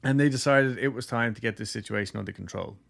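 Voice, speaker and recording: A man's voice: medium pitch, fast talker, vocal fry, fairly bright tone. A man hosting a podcast, casually telling a ghost story with lots of jokes and filler words. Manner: loose, jokey, heavy use of "like".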